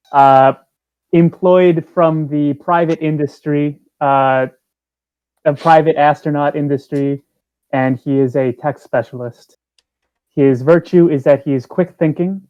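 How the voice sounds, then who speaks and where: Man, player, very slow pace, measured, hesitant, dry sound. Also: fairly high pitch, darkish tone, no echo, poor audio.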